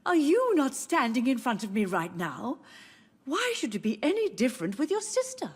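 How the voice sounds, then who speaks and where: An actress playing an elderly grieving mother in a video game, soft-spoken, wistful and confused. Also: high-pitched, huge pitch swings, moderate pace, husky, exaggerated voice. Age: older.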